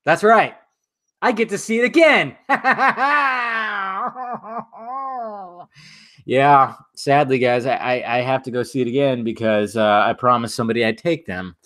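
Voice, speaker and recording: A man's voice: mid-range voice, expressive, normal speed, a bit bright. A man hosting a casual live stream, chatting loosely and swearing while he sips a drink.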